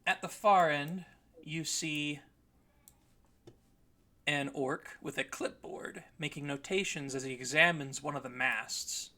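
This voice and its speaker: A man's voice: on the high side, slow, bright, forceful tone. A man narrating a tabletop game as game master, describing scenes at length.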